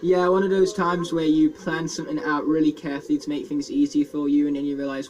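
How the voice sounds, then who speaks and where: A man's voice: fairly high pitch, level tone, fast, few pauses, darkish tone, a little hiss or hum, poor audio. A British man organizing a casual online group chat, teasing and bantering. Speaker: session organizer.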